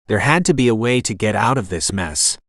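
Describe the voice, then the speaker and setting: A man narrating an audiobook in a steady, even reading voice. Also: lowish voice, brisk, no room sound, clean studio sound. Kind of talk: scripted narration.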